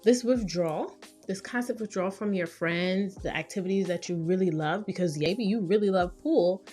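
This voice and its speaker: A woman's voice: fairly low pitch, normal speed, dark tone, soft background music. A woman in her thirties hosting a podcast as a therapist, talking in a chatty, conversational way and sometimes acting out the people she quotes. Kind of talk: casual advice monologue.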